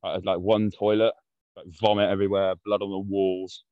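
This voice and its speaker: A man's voice: low-pitched, level tone, fairly quick, no room sound. Sweary man telling stories. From London. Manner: blunt, sweary, rambling with fillers. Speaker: podcast guest. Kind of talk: casual storytelling. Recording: dull, dry lo-fi podcast audio.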